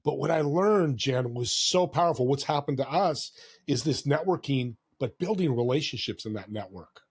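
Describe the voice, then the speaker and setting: A man's voice: mid-range voice, animated, normal speed, slightly rough. A man in his sixties, a podcast guest, telling stories in an earnest, heartfelt way, now and then acting out other people's lines. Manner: warm, earnest storyteller who acts out quoted voices. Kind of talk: casual storytelling interview.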